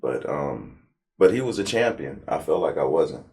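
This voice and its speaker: A man from Compton, telling his life story in a relaxed, slangy interview. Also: rumbling low, normal speed. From Compton, California. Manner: animated storyteller, slangy, acts out his past self. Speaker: interview guest.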